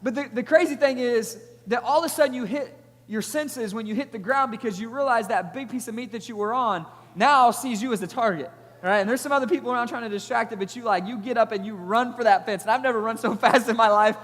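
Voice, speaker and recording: A man in his thirties delivers a sermon with energetic, animated storytelling. His voice sits fairly high for a man. It rings with the long reverb of a large hall. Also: fast. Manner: animated storytelling, energetic, rising loud at climaxes. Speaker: pastor. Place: church auditorium.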